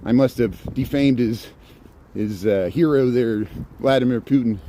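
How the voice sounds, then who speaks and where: A man's voice: medium pitch, mellow, slight background noise. A man live-streaming on a phone as he walks outdoors through a zoo in the snow, chatting casually, laughing often and answering viewer comments. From Chicago area.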